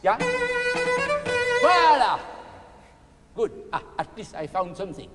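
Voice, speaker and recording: Older french guy coaching cello, sings the phrases, very animated, hall echo and cello. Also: high-pitched, a little fast, vocal fry, loud music behind the voice. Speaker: cello teacher. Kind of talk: master class coaching. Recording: roomy hall with loud cello.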